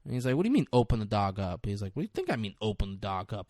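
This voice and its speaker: This man, co-hosting a podcast, talks fast with few pauses in a mid-range voice. The studio sound is clean, with no room sound. Recapping a film casually, he acts out the characters' quotes with lively energy and plenty of swearing.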